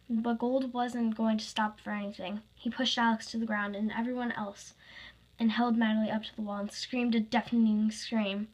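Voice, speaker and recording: A woman's voice: a little high, level tone, normal speed, low-quality recording. A woman reading her own fan story aloud, plainly, with small slips.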